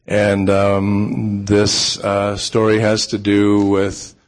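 A man, an author, telling a personal story in a relaxed, unhurried way with frequent pauses and ums. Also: fairly low pitch. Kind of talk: storytelling talk.

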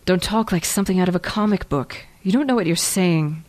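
A woman reading the lines of an anxious young woman who pleads quietly and strains toward tears. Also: lowish voice, fairly quick, lightly acted. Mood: pleading, tense.

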